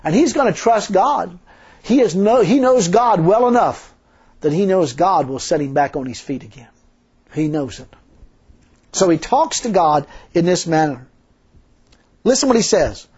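A man's voice: high-pitched, lively intonation, measured pace, long pauses, darkish tone, slightly rough. A man preaching a sermon in a folksy, emphatic way, full of rhetorical questions. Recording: dull lo-fi sermon recording.

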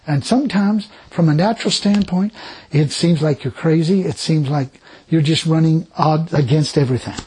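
Male preacher, husky and higher-pitched, swinging his intonation widely, emphatic and repetitive, calling out praise. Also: normal speed, dark tone. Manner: laughs between points. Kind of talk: sermon.

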